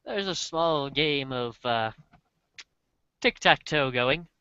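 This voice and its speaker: A man's voice: fairly high pitch, animated, slow pace, pushed and bright, clean tone, no echo. A man running a tabletop role-play as game master, narrating casually with playful asides. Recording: muffled dry lo-fi recording.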